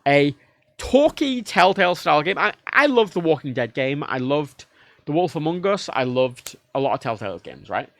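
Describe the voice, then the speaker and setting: A man's voice: a little high, normal speed, vocal fry, no echo. A man livestreaming, ranting casually about game consoles with lots of swearing. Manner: animated, heavily profane, mimics devices in quoted voices.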